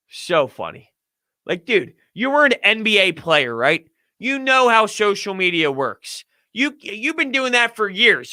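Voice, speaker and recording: A man's voice: high voice, pushed and bright, smooth, no room sound. A young man hosting a casual sports podcast, ranting and joking with frequent laughs. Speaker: podcast host.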